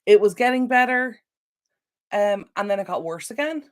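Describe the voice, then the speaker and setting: A woman's voice: medium pitch, animated, moderate pace. An Irish woman hosting a decluttering channel, chatting casually on a live stream, rambling and answering viewers' comments with sympathy. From Ireland.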